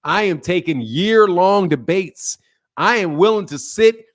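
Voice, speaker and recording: A man with a fairly high voice hosts a live boxing stream and trash-talks with swagger. He laughs a lot and speaks. His delivery swings from shouted outbursts to low mutters. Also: lively intonation, unhurried. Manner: brash, trash-talking, laughs often, swings from loud to low. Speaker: boxing channel host. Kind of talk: live stream commentary with viewer chat.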